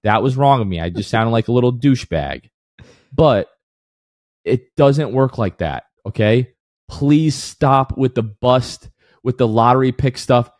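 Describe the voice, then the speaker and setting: A man's voice: mid-range voice, moderate pace, darkish tone, dry recording, clean studio sound. A man co-hosting a casual sports podcast who rants with heat, then apologizes for it half in jest. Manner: heated, ranting, then mock apologetic. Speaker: podcast co-host.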